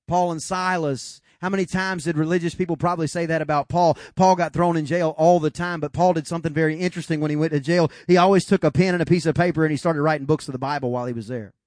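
A high-pitched male pastor preaching with emphatic, rising delivery. The sound is dry and close, with no room echo. He retells scripture with dramatic voice changes. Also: steady tone, fast talker, hardly any pauses, darkish tone. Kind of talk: sermon.

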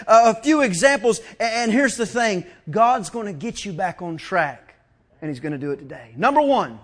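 High-voiced preacher. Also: male voice, normal speed. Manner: lively preaching with stammered restarts and family anecdotes. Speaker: pastor. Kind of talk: sermon. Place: church sanctuary.

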